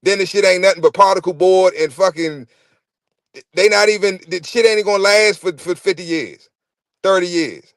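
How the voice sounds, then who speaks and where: A man, hosting a podcast in a casual, profane rant. He is animated, repeats himself and stumbles over words. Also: high-pitched, moderate pace, no echo, studio quality. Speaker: podcast host. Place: podcast studio.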